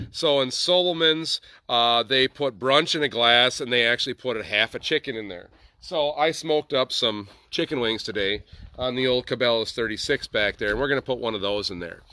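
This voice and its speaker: Chatty Midwestern man, bright dry voice. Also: mid-range voice, moderate pace, no room sound. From Wisconsin. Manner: rambling, chatty storytelling with asides. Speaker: host. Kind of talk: casual chat.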